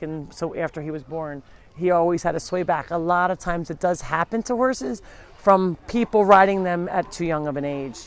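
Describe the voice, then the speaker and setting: A woman hosting a live farm sanctuary tour. She talks to viewers in a chatty, rambling way as she walks outdoors between the pens, recorded on a handheld mic. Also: low-pitched. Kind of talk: casual live-stream tour narration.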